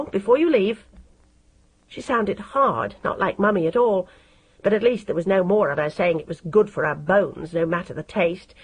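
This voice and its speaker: A woman narrating an audiobook in a steady, measured reading style. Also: on the low side, breathy edge, poor audio. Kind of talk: scripted narration.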